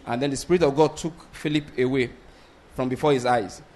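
A man preaching a sermon, blunt and animated, often asking the congregation whether they get his point. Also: medium pitch, a little fast. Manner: animated, blunt, asks the congregation rhetorical questions; laughs between points, restarts sentences.

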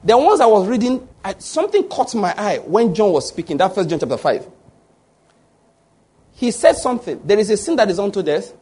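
Husky high-voiced preacher. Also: male voice, big pitch swings, a little fast, a little mellow. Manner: asks the congregation rhetorical fill-in questions. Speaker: pastor. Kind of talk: sermon.

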